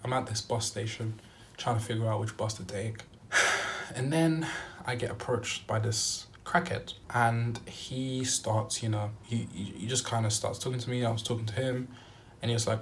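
A young man vlogging a travel story, animated and acting out what he said at the time. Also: lowish voice, moderate pace, a little hiss or hum. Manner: animated storytelling, acting out his own quotes. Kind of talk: storytime vlog.

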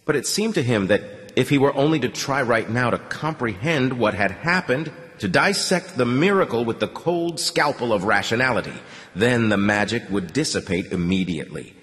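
Dramatic male narrator, lowish voice, reading in heavy reverb. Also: fairly bright tone. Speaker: audiobook narrator. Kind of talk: scripted narration.

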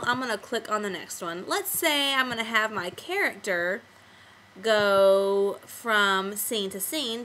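A woman's voice: fairly high pitch, pushed and bright, slight background noise, poor audio. A woman teacher walking children through making a comic on screen, patient and step-by-step. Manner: patient, step-by-step classroom explaining. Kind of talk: screen-recorded software tutorial for kids.

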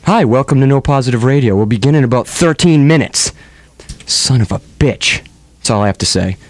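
A man hosting a comic radio show in a studio. He talks loud, profane and self-mocking, ranting into a handheld microphone. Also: medium pitch, fairly quick. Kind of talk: casual comic radio chat.

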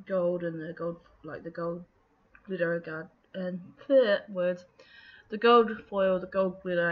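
A woman talking casually through her scrapbooking process, relaxed and chatty, with plenty of ums and thoughts that trail off. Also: on the low side. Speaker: scrapbooking video host. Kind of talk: casual craft process narration. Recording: dull lo-fi with faint noise.

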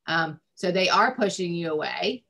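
A woman's voice: on the low side, expressive, normal speed, bright, forceful tone. A woman family therapist giving advice in a recorded discussion, conversational with frequent ums and likes.

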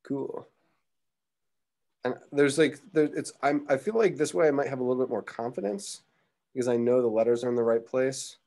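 A man's voice: medium pitch, normal speed, darkish tone. A young man teaching a live drawing class, chatting casually and thinking aloud as he sketches. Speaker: art teacher.

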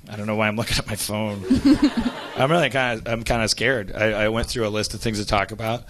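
A man's voice: fairly low pitch, lively intonation, brisk, background noise. A man hosting a live comedy podcast on stage, riffing in a rambling, stammering storytelling way. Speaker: podcast host. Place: stage in front of a live audience. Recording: live audience laughter.

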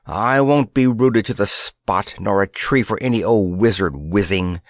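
A man voicing an excitable, blustering old soldier in a storybook reading, puffing out his exclamations. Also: fairly low pitch, unhurried, no room sound, studio quality, voice pushed down. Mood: bitter.

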